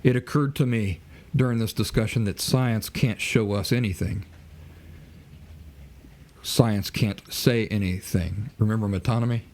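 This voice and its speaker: Here the podcast host's lowish, slightly mellow voice moves a little slowly with fairly even intonation. His lecturing monologue leans on rhetorical questions and staged mock conversations.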